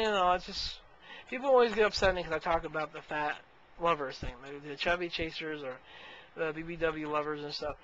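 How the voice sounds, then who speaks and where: A man's voice: sits high, fairly bright tone. A man rambling in an exasperated, casual rant to the camera on a webcam mic. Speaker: video blogger. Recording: muffled lo-fi audio with faint hiss.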